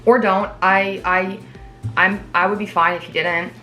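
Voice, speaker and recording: A woman in her thirties talks to camera for her own channel, mid-pitched and chatty. She slips in sarcastic, self-deprecating jokes. Quiet music plays faintly underneath. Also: fairly even intonation, unhurried. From New Jersey. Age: 30s. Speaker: YouTube creator. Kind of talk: casual talking-head vlog.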